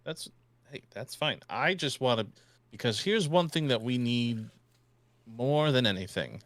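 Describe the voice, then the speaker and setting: A man's voice: mid-range voice, lively intonation, a little slow, fairly bright tone, no echo. A man role-playing his character in a tabletop game, joking and crude, talking with a put-on New York accent. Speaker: player.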